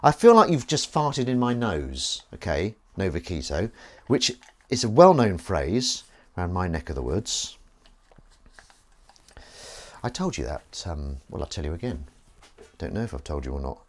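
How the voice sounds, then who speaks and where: Male streamer host, low-ish voice, bouncy delivery, rambling and silly. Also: sing-song, unhurried, long pauses, a little hiss or hum. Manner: chatty, playful, rambling with silly asides. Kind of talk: live-stream chat while washing up.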